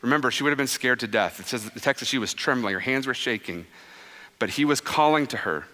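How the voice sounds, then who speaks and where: A man in his thirties, a pastor giving a conversational, animated sermon that drops soft and low for quoted words. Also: fast talker. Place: church sanctuary. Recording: long reverb of a church hall.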